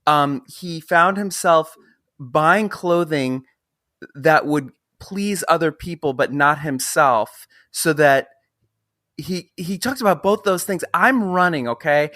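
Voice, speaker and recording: A man in his fifties interviewing a guest in a casual chat, telling a long personal story in a rambling, animated way with many restarts. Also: on the high side, slow, dry recording, clean studio sound. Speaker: podcast interviewer.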